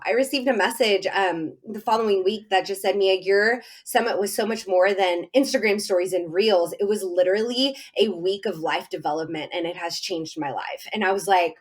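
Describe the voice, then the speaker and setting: A woman guest on a podcast, telling her story in an animated, effusive way with lots of fillers. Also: medium pitch, normal speed, few pauses. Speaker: podcast guest, summit host. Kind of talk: casual podcast interview.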